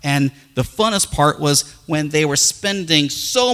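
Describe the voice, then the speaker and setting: A middle-aged male pastor preaching a folksy, animated sermon full of personal stories. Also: on the high side, a little slow, clean tone, in a large hall.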